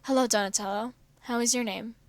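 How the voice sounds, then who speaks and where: Woman reading as calm old rat sensei, gentle and fatherly, fairly high voice. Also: a little fast, no echo, natural voice.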